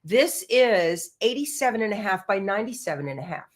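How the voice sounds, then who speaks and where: A woman's voice: medium pitch, lively intonation, a little fast. A middle-aged woman, hosting a quilting livestream in a bubbly, chatty way. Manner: chatty, bubbly, says y'all. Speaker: quilting show host. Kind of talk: casual livestream chat.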